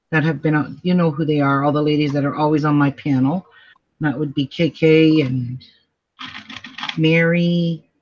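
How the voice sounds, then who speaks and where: A middle-aged woman talks her way through a home quilting tutorial, drifting into stories and laughing often. She speaks slowly and easily. The recording is dull and lo-fi with a faint hiss of noise behind her. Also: sits low, darkish tone. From Canada. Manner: chatty, laughs often while telling stories. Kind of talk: casual craft tutorial chat.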